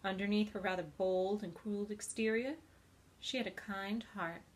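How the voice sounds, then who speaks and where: A woman reading a children's novel aloud as a teacher, with expressive storytelling and friendly commentary. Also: medium pitch, normal speed.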